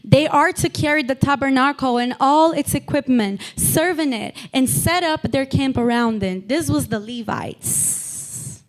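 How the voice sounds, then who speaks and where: Woman preaching slow and fired up, kinda high voice, repeats herself a lot. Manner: impassioned, repeats lines for emphasis, calls out congregants by name. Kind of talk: sermon.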